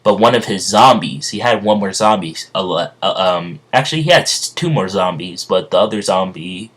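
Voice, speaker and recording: Man, low voice, halting, rambling fan-story retelling. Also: lively intonation, fairly bright tone, slightly rough. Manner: halting, rambling, full of restarts.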